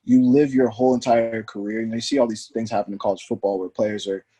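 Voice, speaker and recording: A low, dark-toned man speaks quickly, telling his story as a podcast guest. He acts out the people he quotes with energy, and his voice has a husky edge. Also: level tone. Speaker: guest, former pro soccer player. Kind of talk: storytelling in conversation.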